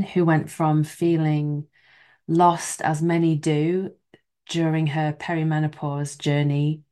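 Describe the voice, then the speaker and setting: A woman hosting a podcast, introducing the episode and then asking her guests calm, measured questions. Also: low voice. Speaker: podcast host.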